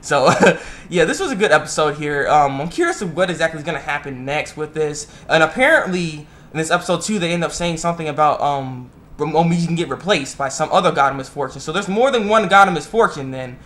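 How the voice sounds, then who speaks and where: Young male anime vlogger, quick and bright, a bit high, acts out lines. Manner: animated, acts out characters' lines in quick voices. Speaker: anime reviewer. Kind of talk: casual episode recap.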